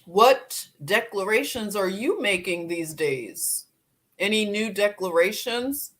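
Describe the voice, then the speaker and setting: A woman's voice: mid-range voice, animated, slow. A woman hosting a casual livestream, greeting viewers by name and laughing often as she chats. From Philadelphia. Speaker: livestream host.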